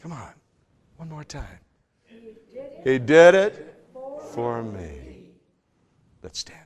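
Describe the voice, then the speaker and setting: Man, pastor, sermon and prayer, unhurried, hushed-to-loud swings. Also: mid-range voice, very animated. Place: church service in front of a congregation.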